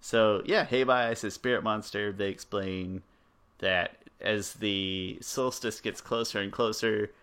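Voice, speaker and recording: A man with a low voice co-hosts a relaxed podcast chat. He wanders into tangents and acts out quotes as he talks. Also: a little slow. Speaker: podcast co-host. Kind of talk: casual chat.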